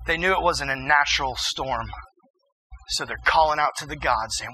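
A man preaching to a young crowd, his voice bright, forceful and a little high. He acts out the people in his story and climbs to a shout at the high points. A faint hum of the room sits behind him. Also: normal speed, low-quality recording. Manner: animated, acts out characters, rises to shouting. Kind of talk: sermon.

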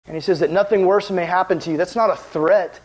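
A man preaching as a youth pastor in a casual, animated, conversational way, with lots of filler words. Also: high voice, fast, poor audio. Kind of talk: casual sermon.

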